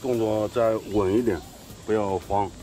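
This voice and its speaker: A man serving as a martial arts master, giving students brief assessments in a calm, measured, matter-of-fact way. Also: on the low side, a little hiss or hum.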